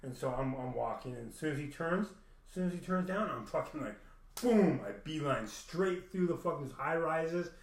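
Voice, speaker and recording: A man's voice: on the high side, animated, normal speed. Profane rambling man, echoey room. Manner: profane, rambling, acts out quoted dialogue. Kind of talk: casual storytelling monologue. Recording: echoey room, mic at a distance.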